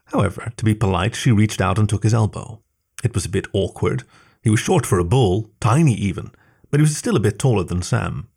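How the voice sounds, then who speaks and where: A man reading a story aloud in slow, even narration. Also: fairly low pitch, gravelly, breathy edge. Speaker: story reader. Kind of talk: scripted narration.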